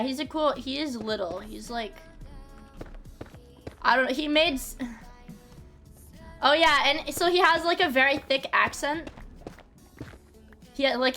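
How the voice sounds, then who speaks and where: A woman's voice: high voice, pushed and bright. A young woman streaming a game, chatting casually, swearing freely and often restarting her sentences. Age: young adult. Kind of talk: casual gaming livestream chat.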